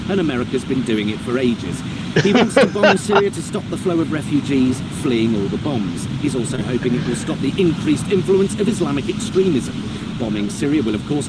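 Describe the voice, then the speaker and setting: A man's voice: medium pitch, lightly acted. An actor playing a furious male TV political reporter who rants sarcastically and swears outdoors. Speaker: news reporter character. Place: outdoors on a street. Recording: loud outdoor street noise.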